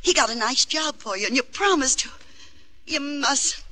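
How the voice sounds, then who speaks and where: An actress playing a worn, protective mother who pleads softly and anxiously with her son. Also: high-pitched, lively intonation, normal speed. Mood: pleading.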